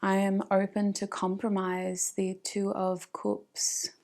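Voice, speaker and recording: A woman's voice: medium pitch, monotone, slow, a little mellow. A woman with an Australian accent giving a casual tarot reading, chatting to spirit and to her viewers and often laughing. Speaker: tarot reader.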